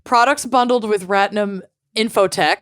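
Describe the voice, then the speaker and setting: A woman's voice: mid-range voice, normal speed, a bit bright, smooth, no room sound, studio quality. A young woman co-hosting a podcast, casually telling a true crime story and often breaking into giggles. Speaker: podcast co-host.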